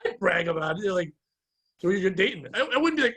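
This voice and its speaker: A man's voice: high-pitched, big pitch swings, fast talker, fairly bright tone. A man co-hosting a comedy podcast, joking crudely and laughing a lot as he riffs. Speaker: podcast co-host.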